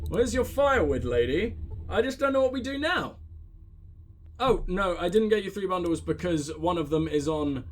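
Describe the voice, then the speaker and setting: A man's voice: high voice, moderate pace, soft background music. A man casually commentating as he plays a game, joking and swearing. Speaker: let's play host.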